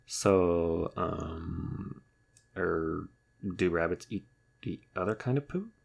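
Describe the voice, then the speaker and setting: A man voicing a polite, gentle female bear who speaks hesitantly, in a storybook reading. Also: deep voice, slow pace, creaky, husky, dull audio, heavily acted. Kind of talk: storybook character voice.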